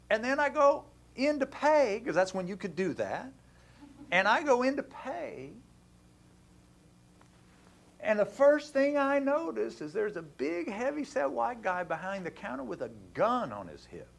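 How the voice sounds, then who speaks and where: A man hosting a talk show, telling a story to a caller in a casual, animated way and acting out the dialogue. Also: extremely high pitch, a little slow, vocal fry, pauses often.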